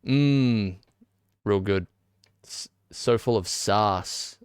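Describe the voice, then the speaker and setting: A man's voice: on the low side, drawn-out words, clean tone, no room sound, studio quality. Australian man rambling during a game stream. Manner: rambling, joking, mock-indignant asides. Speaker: gaming streamer. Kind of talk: casual live-stream chat while playing.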